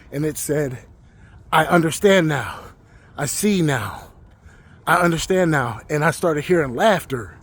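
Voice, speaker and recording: A man's voice: fairly high pitch, slightly rough. Earnest man recounting a frightening dream. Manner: earnest, emotional, slows down for emphasis. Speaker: Christian social media creator.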